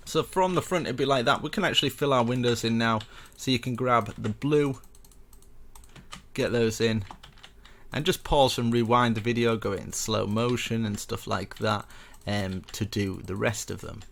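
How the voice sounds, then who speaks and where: A man's voice: medium pitch, moderate pace, gravelly, fairly bright tone, slight background noise. A young man casually walking viewers through a building tutorial step by step, chatty and rambling with self-mocking asides.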